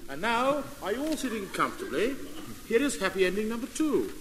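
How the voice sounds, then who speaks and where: A man gives formal, deadpan announcements in a high, lively voice. It sounds like an old radio broadcast with a long reverb and faint hiss. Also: brisk.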